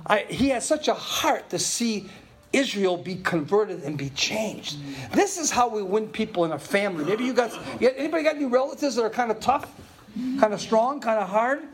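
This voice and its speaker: An older man preaching a sermon to his congregation, telling stories with chatty asides and frequent laughs, dropping to murmurs and rising to loud exclaims. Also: moderate pace, crowd noise. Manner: animated storytelling, swings from low murmurs to loud exclaims. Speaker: pastor.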